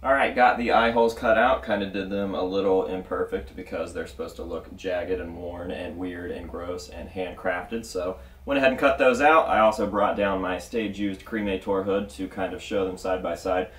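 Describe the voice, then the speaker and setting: A low-voiced man chats through a casual unboxing vlog, swearing freely and joking at his own expense. He is recorded from a distance in a room at home. The room gives an echo, with faint noise underneath. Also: fairly even intonation, moderate pace, few pauses, a bit bright. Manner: laid-back, profane, jokey. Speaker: mask collector and channel host.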